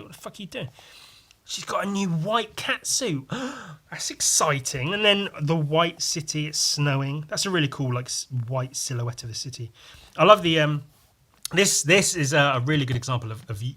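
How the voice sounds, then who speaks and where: A man hosting a podcast, chatting casually about a comic and swearing freely as he retells it with lively exclamations. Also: fairly high pitch. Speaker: podcast host. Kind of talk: casual comic review chat.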